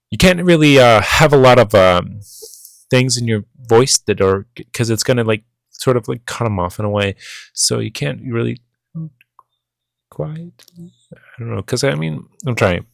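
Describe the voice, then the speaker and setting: A man's voice: mid-range voice, normal speed, vocal fry, no room sound. A young man casually rambling through a gear test, full of fillers and restarts. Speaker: vlogger testing a lavalier mic.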